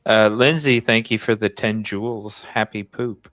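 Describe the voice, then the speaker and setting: A man's voice: on the low side, fairly even intonation, a little slow, fairly bright tone, dry recording, clean studio sound. A man hosting a show, talking casually about a court case and reading out transcripts with frequent fillers. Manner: reads a call transcript aloud, with frequent fillers. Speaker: host.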